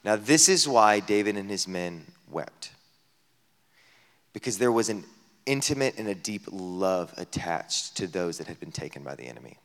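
A man preaching a sermon as a pastor at a camp gathering, talking conversationally with many rhetorical questions, dropping to a hush and then rising loud. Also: low-pitched, big pitch swings, moderate pace. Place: camp meeting hall. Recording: long hall reverb.

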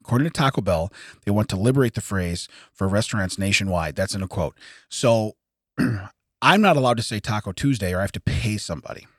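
A man's voice: fairly low pitch, lively intonation, dry recording, studio quality. A man in his forties co-hosting a podcast, reading news items aloud and laughing often as he stumbles over the text. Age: 40s. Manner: laughs often, reads haltingly. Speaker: podcast co-host. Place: podcast studio.

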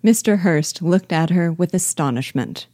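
A woman reading a classic novel aloud with measured, expressive narration. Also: fairly low pitch, no room sound, studio quality. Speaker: reader and teacher.

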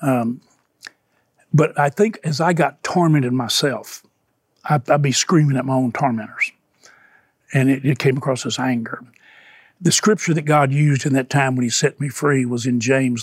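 A man's voice: medium pitch, moderate pace, husky, no echo. An older man, an evangelist guest, telling stories fervently in a conversation and repeating phrases for emphasis. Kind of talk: emotional storytelling in conversation.

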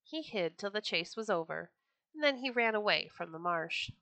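Female storyteller, children's book reading, expressive, bright and dry. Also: medium pitch, normal speed, vocal fry, no room sound.

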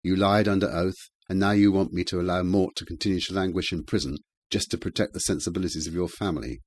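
A man voicing a quiet, determined man speaking firmly in an audiobook reading. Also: sits low, fairly even intonation, fast, dry recording. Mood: scornful. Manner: quiet, firm. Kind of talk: audiobook character voice.

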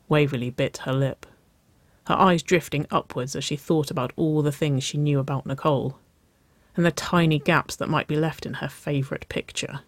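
A narrator reading a romance story aloud in a soft, unhurried way. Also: medium pitch, fairly even intonation, no room sound.

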